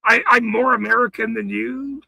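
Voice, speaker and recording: An angry man ranting on his livestream, swearing hard, stammering and shouting. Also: very high voice, fairly even intonation, moderate pace, creaky, dry recording, rough recording. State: furious.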